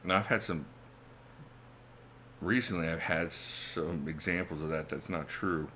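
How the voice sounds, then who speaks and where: Chill middle-aged guy, deep voice, chatting w his stream, laughs a lot. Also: a little slow, bright, forceful tone, slight background noise. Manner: laid-back, chatty, laughs often. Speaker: livestream host. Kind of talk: casual live chat reading comments.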